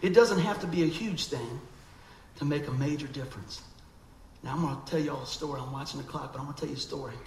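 A man preaching, his voice gravelly and pitched a little high. He tells a story with animation, acting out other people's voices. The sound is echoey, as in a church hall, with faint background noise. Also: fast, a little mellow. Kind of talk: storytelling sermon.

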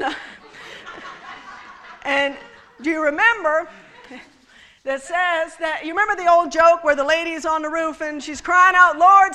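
A woman's voice: sits high, bright, forceful tone. A woman preaching a sermon to a congregation, playful and teasing as she talks to the people in the room. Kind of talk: sermon with props.

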